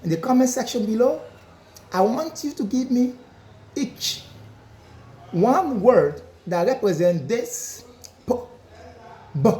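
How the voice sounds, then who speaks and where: A woman teaching a phonics lesson, slowly drilling letter sounds with repeated examples. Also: fairly low pitch, dark tone, roomy sound.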